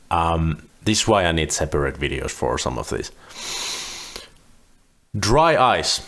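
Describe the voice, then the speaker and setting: Low-voiced guy in his 30s vlogging, super open, drops f-bombs casually. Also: fairly bright tone. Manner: candid, swears casually. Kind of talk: casual chat to camera.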